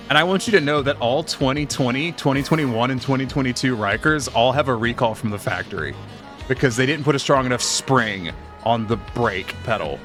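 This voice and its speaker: Bright-voiced man telling rambling stories. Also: medium pitch. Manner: rambling, profane storytelling. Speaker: streamer. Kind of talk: casual chat while gaming.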